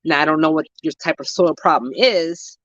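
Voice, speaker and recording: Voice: medium pitch, moderate pace, a bit bright, no room sound, highs cut off. A gardening vlogger, chatting casually while walking around an outdoor garden with a handheld phone camera, rambling and correcting themselves, full of slang. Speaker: gardening vlogger answering viewer questions. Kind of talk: casual chat.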